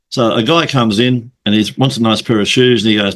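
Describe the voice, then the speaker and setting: A man's voice: medium pitch, fairly even intonation, fast talker, hardly any pauses. Chatty man telling sales yarns. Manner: storytelling, swears, acts out quoted voices. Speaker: podcast host. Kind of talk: casual interview chat.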